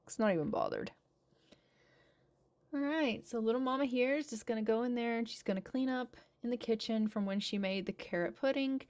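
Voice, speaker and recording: A woman's voice: a little high, brisk, a little mellow. A woman giving a casual voice-over of a life-simulation game, chatting and cooing at her characters as she plays. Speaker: gaming channel host. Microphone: home voice-over mic.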